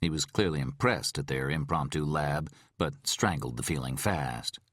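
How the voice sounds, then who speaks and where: A man narrating a thriller audiobook in an expressive, tense way. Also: extremely low pitch, moderate pace, slightly rough, no room sound, studio quality.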